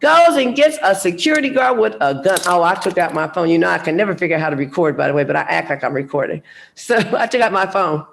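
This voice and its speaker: An older American woman speaking on a panel, telling a story with emphatic, animated delivery and acting out the dialogue. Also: fairly low pitch, quick pace, gravelly. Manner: emphatic, animated, acts out dialogue, laughs often.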